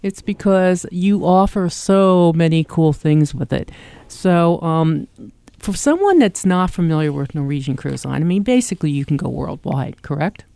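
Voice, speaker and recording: A woman's voice: deep voice, animated, moderate pace, vocal fry, warm tone, no echo. A woman with a South Jersey accent hosting a radio travel segment in an enthusiastic, chatty way. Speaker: radio show host, travel agent. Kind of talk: casual radio chat.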